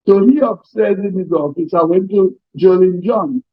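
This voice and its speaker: High-voiced older Trinidadian union man. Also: moderate pace, dry recording, highs cut off. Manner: emphatic, repetitive, folksy storytelling. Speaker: trade union president. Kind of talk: seminar speech with anecdotes.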